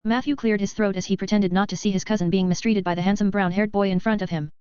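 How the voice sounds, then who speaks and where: Fast-reading woman narrator, crisp and dry. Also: medium pitch, steady tone, a little mellow, dry recording. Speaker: audiobook narrator. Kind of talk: scripted narration. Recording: slightly dull, dry sound.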